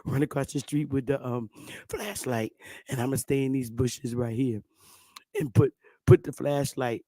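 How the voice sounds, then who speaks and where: A woman vlogger sitting at home, ranting loudly and profanely to her viewers and laughing often. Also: sits low, expressive, moderate pace, dry recording, clean studio sound. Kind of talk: profane comic rant to viewers.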